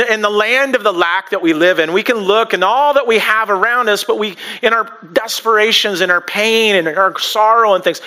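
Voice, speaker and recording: A man's voice: high-pitched, fast, few pauses, bright, forceful tone, clean tone. A married man preaching a sermon in a joking, conversational way, often restarting his sentences. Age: adult, married. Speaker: pastor.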